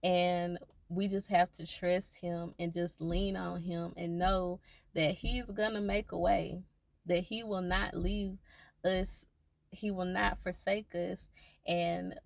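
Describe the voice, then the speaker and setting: A woman with a low, gravelly voice speaks earnestly to her viewers, offering faith-based encouragement. She repeats her reassurances warmly and steadily. The sound is dry and close. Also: flat delivery, slow, dry recording. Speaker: faith vlogger.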